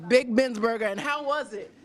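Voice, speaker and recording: Speaking at a normal speed in a fairly high-pitched voice, a woman roams a restaurant as host of a live stream. She interviews diners effusively, gushing over them and laughing frequently.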